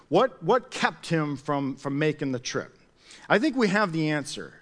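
A man preaching a sermon as pastor, telling a personal story in a chatty, animated way with many restarts. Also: fairly high pitch.

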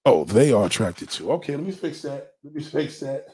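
A man's voice: medium pitch, sing-song, moderate pace, darkish tone, husky, no room sound, clean studio sound. A man hosting a livestream, ranting bluntly and profanely at his chat and hammering his points home by repeating them. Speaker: livestream host reacting to chat. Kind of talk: unscripted livestream commentary.

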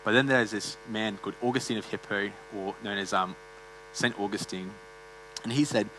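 A man with a lowish, bright and forceful voice preaches a sermon in a church. He talks in an earnest, conversational way, full of fillers and restarts, over a faint electrical hum. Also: moderate pace, low-quality recording.

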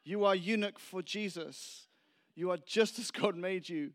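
Guy doing a high, slow, sing-song argentine-accented prayer guy, all solemn. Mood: solemn fervent. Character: earnest adult male prayer minister, stroking and intoning.

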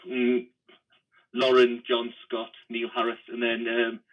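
A man's voice: mid-range voice, monotone, slow, muffled recording. A man, a stand-up comedian trading blunt, sweary banter in a comedy chat.

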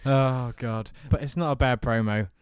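A man co-hosting a podcast in a smooth, clear voice with a dry, close sound. He chats casually and jokes as he talks. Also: mid-range voice, moderate pace, dry recording. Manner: joking, riffing on wrestling promos. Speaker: podcast co-host. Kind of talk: casual chat.

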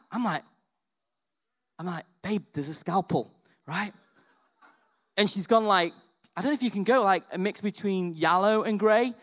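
A man preaching a sermon, telling a story in a chatty, animated way, dropping to hushed asides and rising to excited near-shouts, with frequent "right?" and "okay?". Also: sits high.

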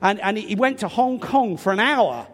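A man's voice: sits high, expressive, moderate pace. An older English man with a slightly stuffy nose, preaching a sermon and telling a self-deprecating personal story in a chatty way. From England. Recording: long reverb of a large hall.

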